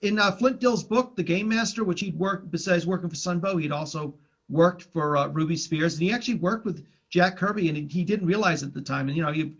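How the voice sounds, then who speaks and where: A man's voice: high-pitched, brisk, slightly rough. A man co-hosting a podcast, chatting casually and rambling about old cartoons with plenty of restarts. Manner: rambling, many restarts and fillers. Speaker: podcast co-host. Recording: dull lo-fi sound.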